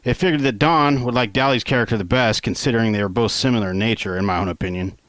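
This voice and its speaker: Low-voiced man casually reading his own novel. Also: quick pace, fairly bright tone, dry recording. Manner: casual, conversational, with offhand asides and swearing. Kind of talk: first-person audiobook narration.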